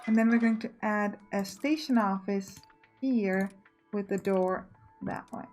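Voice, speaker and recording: A woman's voice: medium pitch, a little slow, a little mellow, faint music behind. A woman giving casual let's play commentary, thinking aloud and correcting herself as she plans.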